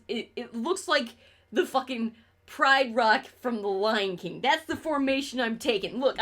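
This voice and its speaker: A young woman with a slightly high voice chats her way through a game stream. She rambles from topic to topic, swearing freely and laughing often, with a sarcastic edge. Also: fairly bright tone. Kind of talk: casual chat while gaming on stream.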